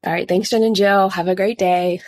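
A woman's voice: medium pitch, steady tone, a little fast, slight background noise. An American listener, a woman, telling a personal story in a chatty way and acting out quoted lines. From United States. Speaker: listener sending in a recorded story. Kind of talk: casual storytelling.

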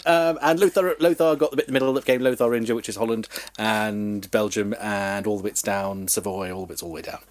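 A man, hosting a comedy history podcast, telling the story with frequent laughs and lively asides. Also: lowish voice, quick pace. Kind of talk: casual comedic history chat.

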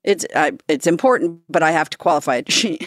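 A woman with a low voice hosts a conversational podcast. She speaks in a reflective, measured way and laughs easily. The sound is close and dry, with no room around it. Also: expressive, no echo. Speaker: podcast host.

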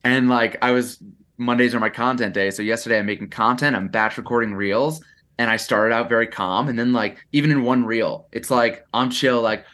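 A young man talking on a podcast in an easygoing, reflective way. His pitch sits in a middle range for a man. His sentences come in bursts full of "like" and restarts. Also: fairly quick, a bit bright. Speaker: podcast guest, content creator. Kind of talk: casual podcast chat.

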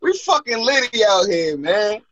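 A man co-hosting a podcast in loud, excitable casual chat, laughing a lot. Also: high-pitched, measured pace, lo-fi sound, slight background noise. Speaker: podcast co-host.

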